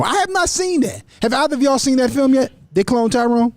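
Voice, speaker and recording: A man hosting a casual panel discussion, animated, often repeating his words as he goes. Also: very high voice, brisk, few pauses, dry recording. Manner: animated, repeats words, acts out others' voices. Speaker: talk show host.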